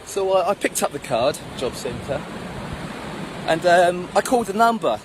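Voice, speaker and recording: A man's voice: high voice, measured pace. A middle-aged man tells a personal story outdoors, acting out the voices of the people in it. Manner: animated storyteller who acts out the voices of people in his story. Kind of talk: storytelling monologue. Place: outdoors at sunrise. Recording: outdoor noise with passing traffic. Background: street and traffic noise.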